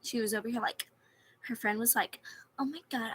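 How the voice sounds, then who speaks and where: A woman's voice: a little high, steady tone, normal speed, bright, forceful tone, slightly rough, poor audio. A young woman on a livestream reading chat messages aloud and telling a story in a sarcastic, complaining way.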